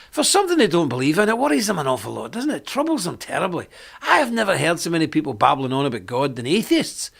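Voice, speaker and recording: A man's voice: a little high, creaky, fairly bright tone. A man hosting a live online report, delivering a combative, preachy monologue and repeating his points for emphasis.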